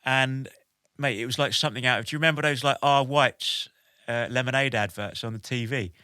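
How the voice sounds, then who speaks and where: Animated man telling a story. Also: mid-range voice, brisk, smooth, no room sound, studio quality. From United Kingdom. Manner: animated, with many "like" and "basically" fillers. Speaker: podcast guest, military veteran. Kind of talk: lively anecdote-telling.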